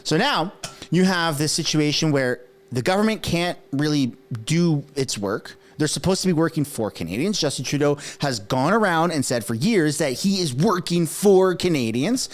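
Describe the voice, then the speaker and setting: A man whose first language is French, giving casual political commentary in an animated, conversational way with frequent rhetorical asides. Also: fairly high pitch, moderate pace. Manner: acts out quoted speech in put-on voices.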